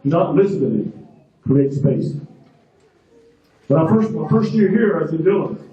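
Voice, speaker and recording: High-voiced man speaking in an echoing hall. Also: animated, moderate pace, warm tone, highs cut off. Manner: storytelling, emphatic, repeats phrases. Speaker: graduation ceremony speaker. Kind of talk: motivational ceremony speech. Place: large ceremony hall. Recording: echoey hall, voice from far off.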